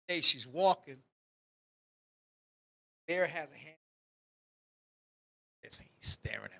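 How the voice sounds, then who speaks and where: A podcast host tells a funny story on a talk show in a fairly high, creaky voice, taking it slowly and pausing often. His casual storytelling is loose, animated, and profane, with him acting out the people involved.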